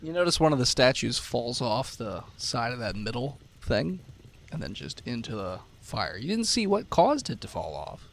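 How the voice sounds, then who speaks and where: A man runs a tabletop game as game master, describing the scenes casually and with fillers. His voice is gravelly, and his pitch moves about a lot. He sits in the middle of the range for a man. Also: sing-song, normal speed.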